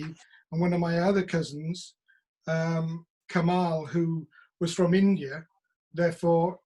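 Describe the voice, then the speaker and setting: Animated Welsh man, husky and high. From Wales. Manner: animated storyteller, acts out quoted voices. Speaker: actor. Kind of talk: video call discussion. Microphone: video call.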